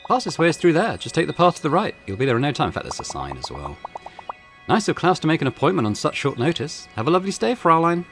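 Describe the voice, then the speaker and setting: A man's voice: very animated, fast, few pauses, soft background music, lightly acted. A man voicing a cheerful female innkeeper in a game, with a wobbly mock German accent. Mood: polite. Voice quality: high falsetto-like, wobbly accent attempt. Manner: polite, fussy hostess lines.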